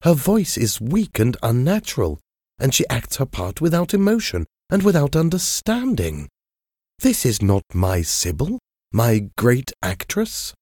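A man doing a scornful young gentleman, pitched high. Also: huge pitch swings, unhurried, no room sound, studio quality. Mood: indignant. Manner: indignant, scornful. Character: angry proud young gentleman.

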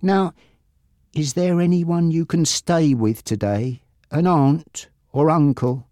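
A man voicing a male police officer delivering bad news quietly and hesitantly in a read-aloud story. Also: fairly high pitch, slow, dry recording, studio quality, pitched above the performer's own voice. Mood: gentle.

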